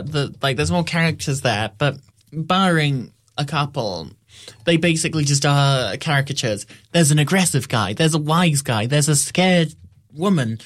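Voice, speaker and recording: A man giving a casual spoken film review, wry and rambling, often restarting his sentences. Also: fairly high pitch.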